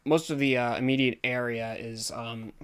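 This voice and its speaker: A man's voice: mid-range voice, fairly even intonation, normal speed, fairly bright tone, clean tone. A man narrating a tabletop game as game master, chuckling through loose, amused descriptions.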